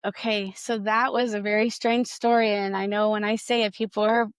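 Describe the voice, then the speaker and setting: A woman's voice: mid-range voice, level tone, normal speed, clear, resonant tone, no room sound. A woman guest, a mother, telling an emotional personal story of faith in an interview, acting out what others said. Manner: earnest, emotional storytelling with quoted dialogue.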